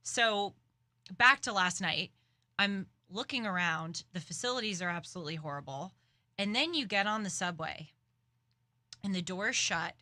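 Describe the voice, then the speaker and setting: A young woman hosting a commentary show, telling a story in an animated, dramatic, self-aware way. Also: on the low side, normal speed, no room sound, studio quality. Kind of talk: casual political commentary.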